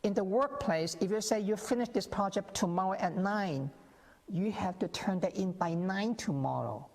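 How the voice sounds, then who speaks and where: A man's voice: high-pitched, moderate pace, darkish tone. A male guest scholar explaining his views in a TV interview, with many restarts and acted-out quotes. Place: TV interview set. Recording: long reverb on the voice.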